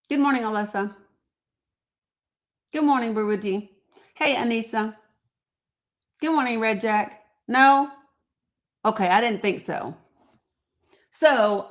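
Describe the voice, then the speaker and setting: A woman's voice: medium pitch, a bit bright. A middle-aged woman hosting a live stream, talking bluntly and sarcastically and swearing freely as she greets her viewers. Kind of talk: casual political commentary stream.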